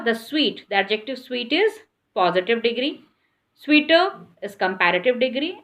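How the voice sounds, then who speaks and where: A woman's voice: a little high, a bit bright. A woman explaining an English grammar lesson, patiently repeating points and spelling words out letter by letter.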